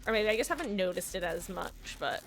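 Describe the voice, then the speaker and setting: A woman's voice: mid-range voice, expressive, brisk, a bit bright. Woman in her 30s, game streamer, rambly casual chat, faint hiss under the voice. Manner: chatty and rambling, many ums and likes. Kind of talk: casual live-stream chat while gaming.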